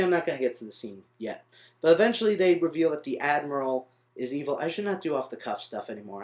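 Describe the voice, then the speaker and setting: A young man ranting in an unscripted vlog review, rambling off on tangents and correcting himself as he goes. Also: on the high side. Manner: rambling, trails off on tangents, frustrated. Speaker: vlogger reviewing a film. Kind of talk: off-the-cuff vlog rant.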